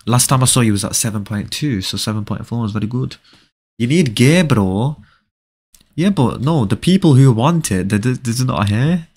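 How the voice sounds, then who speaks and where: A man's voice: medium pitch, lively intonation, normal speed, a little mellow. A young man chatting casually with viewers during a live game stream, often repeating short phrases.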